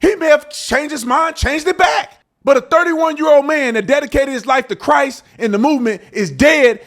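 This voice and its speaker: A man's voice: extremely high pitch, normal speed, few pauses, a bit bright. A man hosting a podcast, delivering an impassioned, emphatic opinion monologue in colloquial speech, often repeating words and phrases. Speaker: podcast host.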